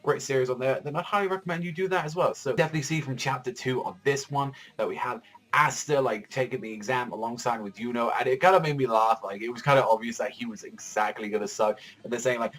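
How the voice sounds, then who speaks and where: A young man talks through a comic chapter in a loose, unscripted ramble. He swears freely, leans hard on "like" between thoughts, and sits at an ordinary middle pitch for a man. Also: fast talker, a bit bright. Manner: rambling, profane, heavy use of filler "like". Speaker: manga reviewer. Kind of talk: casual video review.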